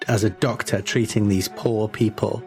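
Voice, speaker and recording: A man playing a tabletop horror game, talking through his character's actions in a thoughtful, halting way. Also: fairly low pitch, steady tone, a little mellow, soft background music. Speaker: player. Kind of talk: casual tabletop game play.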